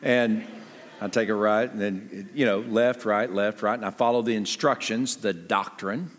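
A man preaching a sermon as pastor, talking conversationally with lively jumps in pitch and quick asides. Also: big-room sound.

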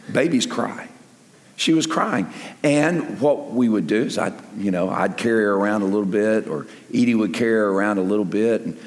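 An older man preaching a sermon in an animated way, dropping to near-whispers and then rising to loud emphasis. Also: lowish voice. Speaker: pastor. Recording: echoey hall with long reverb.

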